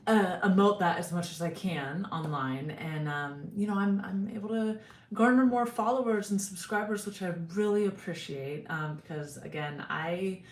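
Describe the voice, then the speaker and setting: A woman's voice: mid-range voice, normal speed. Chatty woman streaming from an echoey room. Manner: chatty and rambling, greets viewers by name. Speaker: singer and YouTuber hosting a livestream. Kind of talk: casual livestream chat.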